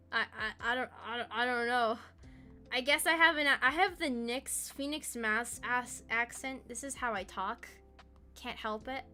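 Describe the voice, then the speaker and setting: A woman's voice: fairly high pitch, pushed and bright. A woman streamer chatting casually while she works, playful and rambling, often breaking into giggles. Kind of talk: casual live stream chat.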